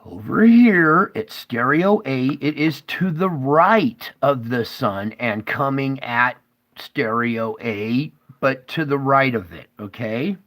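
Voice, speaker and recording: Male streamer, unhurried delivery, urgent and emphatic, constantly checking that viewers follow, bursts of loudness dropping to hushed asides. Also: mid-range voice, animated. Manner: urgent, pointing things out, frequent "okay?" and "all right?" checks to viewers; alarmed and emphatic, swinging between loud bursts and hushed asides. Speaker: online streamer explaining space-weather charts. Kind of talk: live stream commentary over screen charts.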